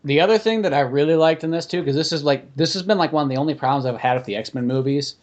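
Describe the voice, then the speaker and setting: A man's voice: a little high, fast talker. A man hosting a podcast in casual chat, rambling and swearing freely as he talks. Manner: animated, profane, rambling. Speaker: podcast host.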